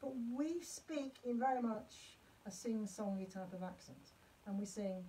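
A woman's voice: mid-range voice, lively intonation, unhurried, warm tone, slight background noise. A woman music teacher leading a live-streamed lesson for parents in a chatty, encouraging way, chanting rhythm syllables. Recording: voice from far off the mic.

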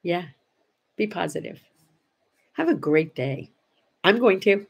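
A woman hosts a casual morning vlog and tells her stories with lots of animation. She acts out each exchange, and her voice sits at an ordinary middle pitch. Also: animated, unhurried, gravelly, breathy edge, highs cut off. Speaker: host.

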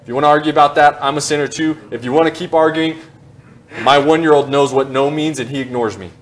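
Pastor guy in his 30s preaching, jokey and animated, kinda higher voice. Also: fast, slight background noise. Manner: joking, animated, self-deprecating asides. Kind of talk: sermon. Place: church sanctuary.

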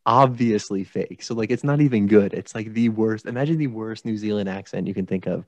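A man's voice: lowish voice, fairly quick, dry recording. A male podcast host chatting casually, joking and laughing as he rambles. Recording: dull lo-fi dry podcast mic.

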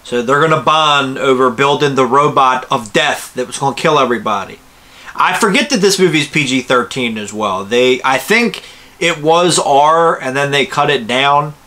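A man's voice: mid-range voice, normal speed. A man giving a profane, sarcastic ranting commentary while reviewing a movie. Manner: profane, sarcastic, swings from loud to muttering.

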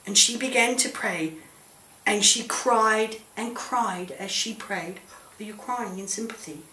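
A woman telling a children's Bible story in church, gently coaxing and asking questions of a puppet. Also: mid-range voice, unhurried, slight background noise. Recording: roomy echo.

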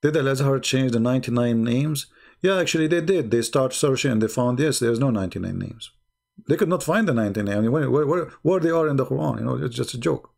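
A man's voice: mid-range voice, animated, quick pace, creaky, a little mellow. A man hosting a live call-in debate show, talking in a blunt, mocking way with loose grammar.

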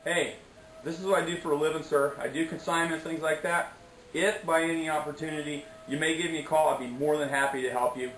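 A man's voice: fairly high pitch, steady tone, quick pace, fairly bright tone, a little hiss or hum. Chatty vlogger man in an echoey room. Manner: chatty, repeats "okay?" and "anyways"; preachy, motivational asides. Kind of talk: casual storytelling vlog.

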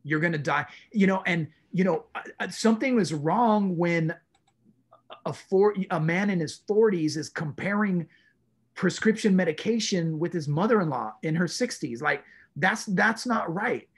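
A man's voice: high-pitched, measured pace, slightly rough. A man in his forties, a guest in a casual interview, telling his story with animation and acting out his own inner voice. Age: 40s.

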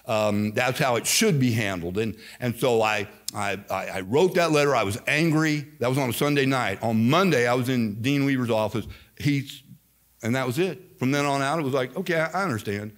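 A man's voice: mid-range voice, moderate pace. An older man preaching a sermon as pastor, telling stories with emphatic, repeated phrases. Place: church sanctuary.

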